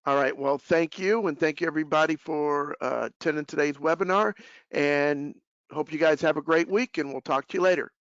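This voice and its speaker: A man with a gravelly, creaky voice hosts a business webinar in a casual, relaxed manner, working through questions and closing remarks. The audio is dry and a bit dull, as over a video call. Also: a little high, a little fast, no room sound. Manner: casual, relaxed, filler-heavy. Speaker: webinar host, life sales director.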